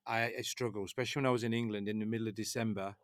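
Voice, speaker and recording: A man's voice: on the low side, steady tone, rapid-fire, no echo. A middle-aged man hosting a podcast, enthusiastic and rambling, often restarting his sentences. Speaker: podcast host. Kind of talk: casual podcast interview.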